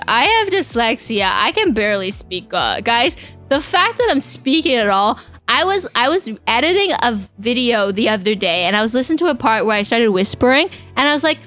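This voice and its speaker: High, bright giggly streamer woman. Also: very animated, moderate pace, faint music behind. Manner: chatty, giggly, talks straight to chat. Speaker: vtuber streamer. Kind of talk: casual live-stream chat.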